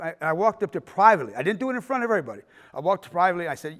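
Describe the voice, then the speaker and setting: An older man, a filmmaker, giving a casual storytelling talk, animated and profane, acting out the people in his stories. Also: sits high, very fast. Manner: animated, profane, acts out scenes in voices.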